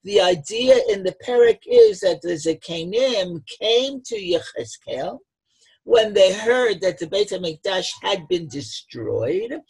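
A woman's voice: medium pitch, very animated, takes it slowly, gravelly, a little mellow, slightly rough. A woman teaching a text-study lesson, reading each source phrase and then explaining it, retelling scenes with dramatic emphasis. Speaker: Torah teacher.

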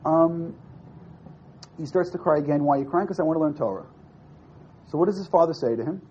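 A man's voice: fairly high pitch, a little fast, husky. A man teaching a classroom text study, reading a source aloud, translating it line by line and firing questions at his students. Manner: questions the class, lively and probing. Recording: dull lo-fi classroom recording.

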